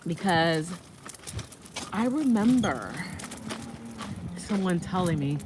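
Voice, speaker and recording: A woman rambles into her phone while walking a stroller outdoors, her lowish voice rising and falling widely at an unhurried pace. The recording is a noisy outdoor phone clip. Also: animated. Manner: rambling, laughing, talks to her baby in a sing-song voice. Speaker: vlogger and artist. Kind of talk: casual walking vlog. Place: outdoors on a walk.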